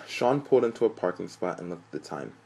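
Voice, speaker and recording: A young man reading a story aloud in an even, flat manner, lifting his voice for quoted lines. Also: low voice, a little fast, gravelly, slight background noise, low-quality recording. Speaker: narrator.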